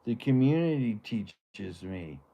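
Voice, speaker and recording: A man's voice: mid-range voice, sing-song, slow pace, creaky, dull audio. A man hosting a live stream, talking in a rambling, laid-back way with lots of fillers. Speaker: livestream host. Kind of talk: casual live-stream chat.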